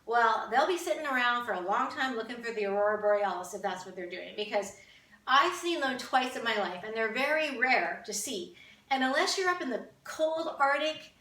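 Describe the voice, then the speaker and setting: A woman's voice: fairly high pitch, animated, moderate pace, pushed and bright, echoey room, distant mic, poor audio. A woman from Canada chatting casually to camera as a vlogger, with wry, amused asides.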